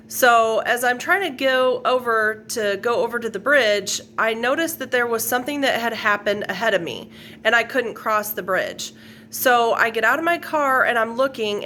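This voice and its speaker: Earnest bright-voiced woman telling a dream. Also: medium pitch, slight background noise. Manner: earnest, rambling retelling with fillers and quoted speech. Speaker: faith video host. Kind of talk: personal testimony, casual storytelling.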